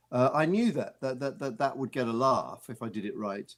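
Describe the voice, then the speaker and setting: Male actor guest with a middle-pitched voice. Rambling, amused storyteller who restarts his sentences. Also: expressive, moderate pace, hardly any pauses. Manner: rambling, with frequent restarts and repeated words; amused, laughs while telling stories. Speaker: actor and author, interview guest. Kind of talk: casual anecdotal storytelling. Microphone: radio studio mic.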